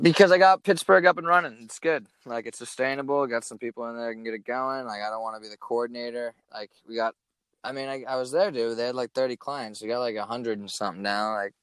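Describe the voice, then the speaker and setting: A young man in casual chat, swearing often and telling stories with animated energy. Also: mid-range voice, fast, clean tone, no room sound. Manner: swears a lot, animated storytelling.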